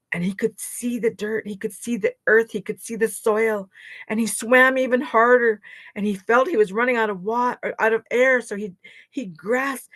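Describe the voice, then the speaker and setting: A woman's voice: mid-range voice, no echo. A woman from Canada telling a traditional legend as a storyteller, with dramatic rises and falls. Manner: expressive, dramatic dynamics. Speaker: storyteller, knowledge keeper. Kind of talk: oral storytelling to an audience.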